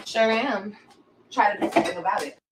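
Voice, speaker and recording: A woman's voice: mid-range voice, a little fast, a little hiss or hum, low-quality recording. A woman venting on her livestream in a defiant, profane rant.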